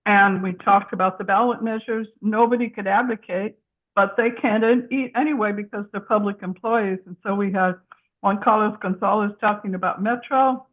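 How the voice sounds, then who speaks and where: A woman's voice: mid-range voice, steady tone, moderate pace. A woman chairing a community group, giving a candid, chatty update while eating her dinner. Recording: tinny phone-like line.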